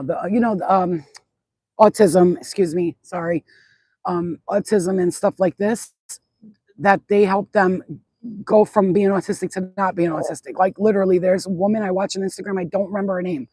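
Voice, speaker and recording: A woman's voice: lowish voice, mellow, slightly rough, dry recording, low-quality recording. A middle-aged woman rambling in a casual livestream chat outdoors at sunset, swearing freely and repeating herself as she goes. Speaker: spiritual channel host.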